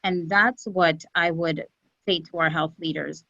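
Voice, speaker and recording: A woman who runs a community health center answers interview questions in an earnest, measured way, pausing often with fillers. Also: sits low, fairly even intonation, gravelly, bright, forceful tone, no echo, dull audio. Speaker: executive director of a community health center, guest.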